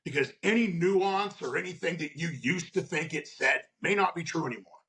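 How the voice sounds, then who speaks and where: A man with a fairly high, slightly bright voice speaks at a moderate pace as a union shop steward guest on a casual podcast. He's blunt and profane, often ending his points with "okay?", and acts out workplace scenarios in quoted voices.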